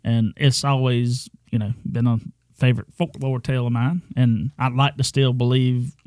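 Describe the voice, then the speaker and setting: An older man co-hosting a podcast, telling a story in a rambling, halting way and laughing often. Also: medium pitch, level tone, a little mellow, dry recording, studio quality. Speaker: podcast co-host. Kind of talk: casual chat.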